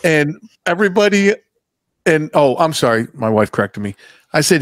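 Male podcast host, rowdy and talkative, slightly higher voice, dry recording. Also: moderate pace, dry recording. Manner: loud, animated storyteller, swears freely. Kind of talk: casual chat.

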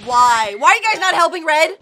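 A woman giving excitable, chatty reaction commentary while watching an animation. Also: extremely high pitch, fairly quick, a little hiss or hum. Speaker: reaction video host.

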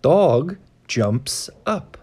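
A man reading a simple children's story aloud for English learners, in a clear and expressive way. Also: medium pitch, drawn-out words. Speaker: host of an English learning channel.

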